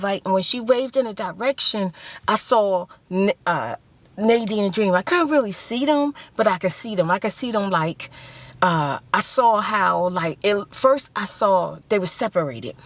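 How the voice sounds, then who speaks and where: A woman recounting a frightening memory in casual, heartfelt speech. She talks at a middling pitch, repeats herself and breaks into acted-out screams and quotes. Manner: emotional, repeats phrases, acts out screams and quotes. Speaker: ASMR vlogger. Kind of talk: casual storytelling.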